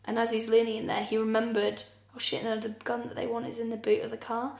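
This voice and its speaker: A woman's voice: fairly high pitch, completely flat delivery, fast, gravelly, darkish tone, reverberant. A woman co-hosting a comedy podcast, telling the story bluntly with swearing and laughter. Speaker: podcast co-host. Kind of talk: casual comedic chat.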